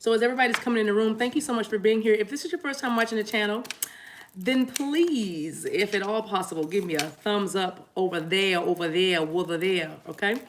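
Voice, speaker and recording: A woman's voice: mid-range voice, fairly quick, a little hiss or hum. A woman reading tarot cards for her viewers in a casual live-stream chat. She rambles, laughs a lot and keeps saying "y'all". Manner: chatty, laughs often, warm "y'all" asides; rambling with restarts and apologies. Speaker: tarot reader.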